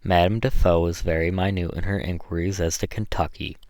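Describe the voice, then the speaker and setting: A man narrating a classic novel as an audiobook, reading in a measured way with small slips. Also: low-pitched, fairly even intonation, darkish tone, no echo.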